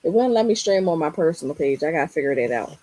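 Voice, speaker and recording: A woman hosting a casual livestream, her voice strained and raspy, greeting viewers by name in an upbeat, chatty way. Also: low voice, expressive, fast, mellow, poor audio. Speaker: livestream host and Canva teacher.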